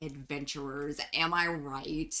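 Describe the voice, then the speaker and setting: A woman's voice: sits low, steady tone, slow, sharp tone, pitched below the performer's own voice, exaggerated voice. A woman voicing a cocky, chatty male dwarf armorer who talks in a breezy, teasing, laid-back way.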